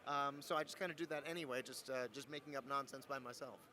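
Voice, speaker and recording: A man's voice: medium pitch, fast talker. A young adult man, a voice actor, telling stories in a casual interview, playful and joking. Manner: playful, joking, animated storyteller. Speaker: voice actor guest.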